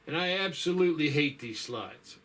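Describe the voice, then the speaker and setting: A man's voice: fairly high pitch, animated, normal speed, a bit bright. A man chatting casually to his viewers in a folksy, rambling way, tired and yawning, with lots of fillers and sighs. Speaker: vlogger. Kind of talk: casual chat.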